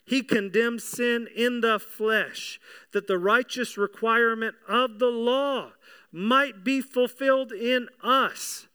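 Man, pastor, sermon, earnest, bright tense tone, crisp clear voice. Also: extremely high pitch, slow pace. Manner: earnest, repeats words, asks the congregation questions.

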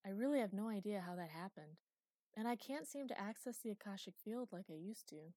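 A woman voicing a young female ship AI in an audiobook, speaking softly and hesitantly with guilt. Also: medium pitch, expressive, a little fast, no room sound, natural voice. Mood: apologetic.

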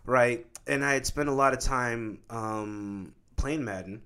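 A man's voice: medium pitch, measured pace, pushed and bright, clear, resonant tone. A man telling a comic story in casual conversation as a guest, loose and profane, full of likes and rights. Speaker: filmmaker guest.

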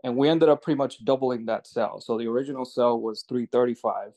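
A man's voice: medium pitch, fast talker, dark tone, low-quality recording. Male land investor, casual rambling storyteller, mid-range voice, lots of restarts.

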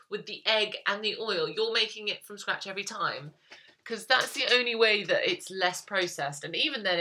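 Bright-voiced chatty woman podcaster. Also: on the low side. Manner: chatty, rambling, with frequent ums and laughs. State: yawning, tired. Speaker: lifestyle coach podcast host. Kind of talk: casual solo podcast monologue.

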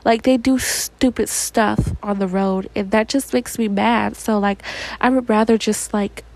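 A woman's voice: mid-range voice, steady tone, measured pace, darkish tone, low-quality recording. A young woman with an American accent hosting a solo podcast, talking in a loose, rambling way with lots of "like" as a filler. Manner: rambling, chatty, heavy use of "like". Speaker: podcast host. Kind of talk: casual solo podcast chat.

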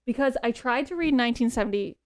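Chatty young woman, high dry voice. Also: quick pace, no room sound. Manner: chatty, excitable, many fillers like "um" and "like". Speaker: podcast co-host. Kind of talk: casual chat about books.

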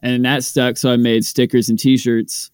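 A man co-hosting a podcast, telling a joking, animated story in casual chat. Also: medium pitch, a little slow, smooth, dry recording, clean studio sound. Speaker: podcast co-host, rapper.

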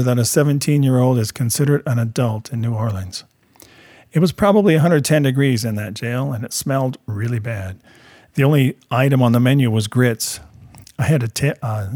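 A man narrating his own life story as a first-person testimony, in a plain, steady storytelling manner. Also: medium pitch, no room sound, clean studio sound.

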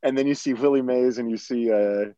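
A man in casual chat, telling stories in an animated way, laughing often and swearing freely. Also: medium pitch, brisk, no room sound. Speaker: podcast co-host discussing a film. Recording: dry, slightly dull recording.

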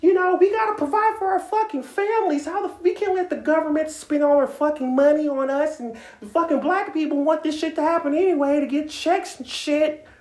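A woman voicing a shrill, angry, entitled middle-aged woman, ranting and swearing in a high whine. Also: brisk, darkish tone, echoey room, lightly acted. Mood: outraged. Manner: high, swearing, outraged whining.

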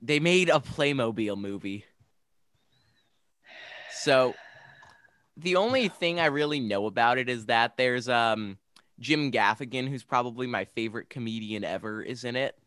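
A man's voice: mid-range voice, a little slow, pauses often, fairly bright tone, clean tone, no echo. A young man co-hosting a casual podcast, talking enthusiastically and rambling with frequent restarts. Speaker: podcast co-host. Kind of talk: casual podcast chat about games.

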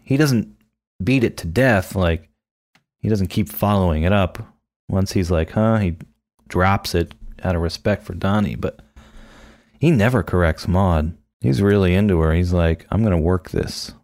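A man talks slowly in a fairly low voice, chatting casually about a movie on a podcast. He slips into playful put-on voices when quoting lines. The recording is dry and close. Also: a little mellow, dry recording. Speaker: podcast co-host. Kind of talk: casual film commentary chat.

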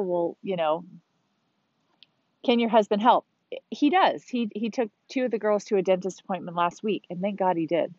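A woman's voice: mid-range voice, dry recording. Frank, exasperated woman venting on a podcast. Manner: candid and exasperated, venting with mild swearing. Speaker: podcast host. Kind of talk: casual solo monologue. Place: outdoors on a beach. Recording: dull, slightly lo-fi sound.

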